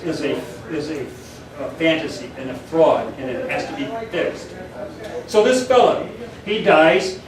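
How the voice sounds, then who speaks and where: Rambling man in an echoey hall. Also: a little high. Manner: rambling, tells jokes with acted-out voices. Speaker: speaker at a political meeting. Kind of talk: public talk to a meeting. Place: meeting room in a church. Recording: echoey hall, far from the mic, crowd noise.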